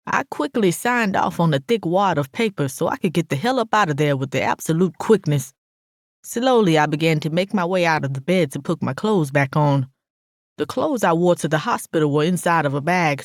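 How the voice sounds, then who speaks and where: A brash, sassy narrator reads a first-person audiobook with plenty of swearing. The voice sits in a middle pitch. The recording is dry and close. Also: no room sound.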